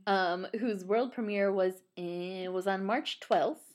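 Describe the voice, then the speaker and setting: A woman's voice: medium pitch, slow, a little mellow. A woman in casual chat who reads a ballet synopsis aloud, often laughing and stumbling over unfamiliar names. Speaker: podcast co-host.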